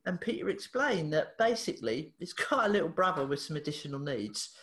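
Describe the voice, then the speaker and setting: A woman, a therapist guest on a podcast, telling a story in a lively way, acting out the dialogue and laughing often. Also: deep voice, brisk. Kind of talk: animated storytelling in an interview. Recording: echoey room.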